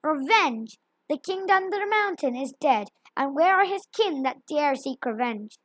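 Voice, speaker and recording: Gloating old male dragon, declaiming loudly, read by a woman, high, dry close mic. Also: expressive, a little slow, dry recording. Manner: mocking and boastful, loud declaiming.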